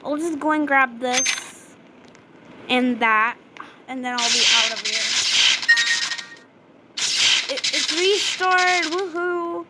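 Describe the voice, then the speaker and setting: A high-pitched woman talks through a video game in a relaxed, unhurried way, chatty and prone to excited outbursts as she reads the characters' lines aloud. A steady hiss of background noise sits under her voice. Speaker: gaming video creator. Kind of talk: casual gameplay commentary.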